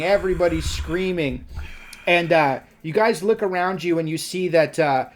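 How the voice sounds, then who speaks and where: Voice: mid-range voice, normal speed. A game master narrating a tabletop game in a casual way, with many fillers and restarts.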